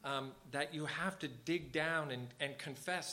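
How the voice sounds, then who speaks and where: A man's voice: on the high side, unhurried, bright, forceful tone. A man leading a small church service, talking informally and earnestly and repeating phrases for emphasis. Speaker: church leader.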